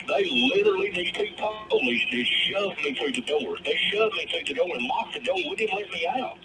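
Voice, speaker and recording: A man recounts events in a plain, casual, rambling way, often repeating lines and slipping into quoted dialogue. His voice sits a bit high for a man. Heavy, constant noise runs under the whole recording. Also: sing-song, brisk. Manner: rambling, repeats himself, quotes others at length. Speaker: interview guest. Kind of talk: casual storytelling. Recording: loud background noise.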